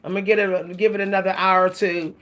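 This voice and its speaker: This woman speaks fast and flatly in a mid-range voice while casually chatting to camera about hair care. She laughs frequently and refers to her viewers as "y'all."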